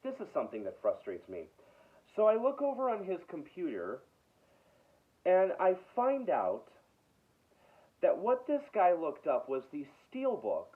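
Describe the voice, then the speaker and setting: Exasperated man ranting, tinny sound. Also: on the high side. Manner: exasperated, repeats himself. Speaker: video host. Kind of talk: casual ranting story.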